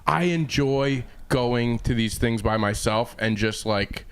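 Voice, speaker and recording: A man co-hosting a comedy podcast, telling a story in a halting, self-deprecating way. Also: medium pitch, clean tone. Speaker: podcast co-host. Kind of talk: casual comedy podcast chat.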